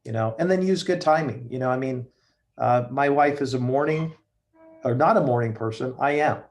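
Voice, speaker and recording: A man's voice: mid-range voice, moderate pace, soft background music. A middle-aged man giving a conversational talk to a group, with plenty of fillers and restarts.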